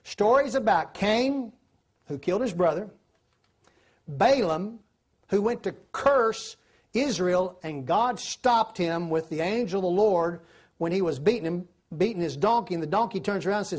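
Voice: mid-range voice, expressive, moderate pace, a little mellow, slightly rough. A preacher, giving a sermon, telling stories and asking the listeners questions. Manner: storytelling, asks the listeners questions.

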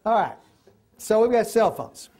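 A man's voice: sits high, animated, measured pace, a little mellow. Folksy middle-aged male Bible teacher, conversational, recorded in class. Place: classroom or church hall.

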